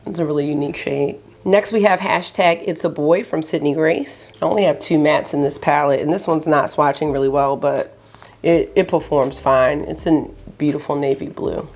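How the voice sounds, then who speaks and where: A woman hosting her own makeup channel in casual, chatty talk, with a rough morning voice. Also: deep voice, normal speed, a little mellow, faint music behind. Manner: chatty and enthusiastic. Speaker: beauty vlogger host.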